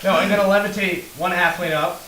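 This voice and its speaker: A man's voice: sits high, steady tone, a little fast, bright, forceful tone. A man playing a tabletop game, laid-back and joking, laughing often. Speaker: player. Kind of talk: casual tabletop play. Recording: echoey room, mic far off, noisy.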